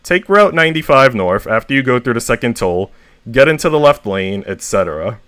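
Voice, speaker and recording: A man reading humorous short stories aloud with a deadpan comic delivery, as a VTuber reader. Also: medium pitch, fairly quick, clean tone, no echo.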